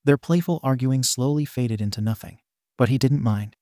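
A man reading a fanfiction story as scripted narration in a steady, even way. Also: mid-range voice, moderate pace, dry recording, clean studio sound.

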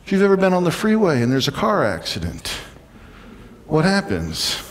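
A man preaching a sermon in a church, lively and dramatic, sometimes acting out the voices of a crowd. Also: on the high side, moderate pace, big-room sound. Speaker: pastor. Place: church sanctuary.

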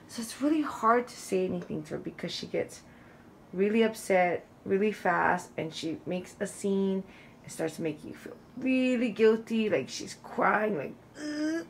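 A woman's voice: mid-range voice, expressive, moderate pace, rough recording. A woman vlogger telling a rambling personal story in a casual, chatty way, full of fillers and restarts. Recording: faint background water noise. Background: loud waterfall noise.

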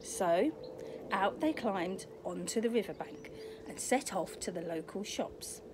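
In a garden, an older woman takes on a grandmother storyteller persona to read a picture book aloud to children. Her mid-range voice has lively intonation and an unhurried pace, and she is chatty and sing-song, often asking the listener questions. The background is noisy, with faint birdsong.

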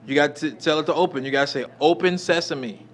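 A man's voice: fairly high pitch, steady tone, rapid-fire, a bit bright. A man filming on a phone, playfully coaxing a child and stammering over his repeats. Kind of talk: casual coaxing chat.

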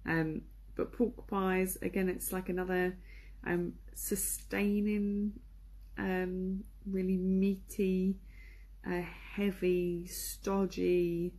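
A young Englishwoman presents a chatty lesson on English culture, full of ums and ahs. Her voice sits on the low side, mellow and slightly rough, with some vocal fry.

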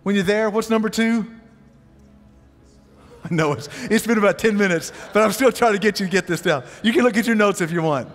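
Pastor guy preaching, kinda high voice, lively storytelling, echoey church hall, faint music behind. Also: a little fast. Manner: animated storytelling, asks the audience questions. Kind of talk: sermon. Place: church sanctuary.

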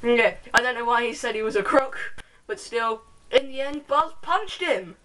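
A young woman vlogs to camera in a casual, giggly, rambling way, full of self-mocking asides. Her voice is on the high side and fairly bright, animated at a moderate pace, picked up by a distant, noisy camera mic.

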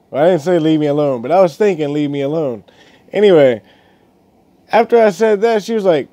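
Young man ranting with a mellow tone. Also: sits high, normal speed, creaky, no echo. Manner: swearing, laughing, rambling storytelling. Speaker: gaming YouTuber. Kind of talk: casual vlog rant.

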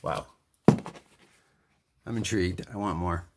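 A man's voice: low voice, slow pace. A man chatting casually as he reviews comics, reading their dialogue aloud with running remarks.

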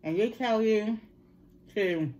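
A woman's voice: mid-range voice, slow pace, warm tone, lo-fi sound. Chatty middle-aged woman telling her story. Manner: chatty, earnest storytelling, addresses viewers as y'all. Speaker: mukbang vlogger. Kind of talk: casual chat to viewers.

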